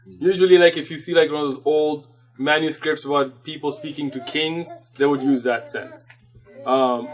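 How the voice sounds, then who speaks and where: A man teaching an Arabic grammar class in a mosque classroom, patiently explaining terms in English mixed with Arabic words and quickly reciting Arabic passages. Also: a little high. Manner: recites Arabic text rapidly. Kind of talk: classroom lecture.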